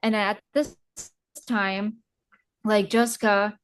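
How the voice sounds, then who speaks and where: A woman's voice: medium pitch, flat delivery, clean tone. Young woman on a horror podcast, mid-range voice, stops and restarts a lot, lots of "like". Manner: halting, with restarts and filler likes. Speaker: podcast co-host. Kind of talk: casual movie recap chat.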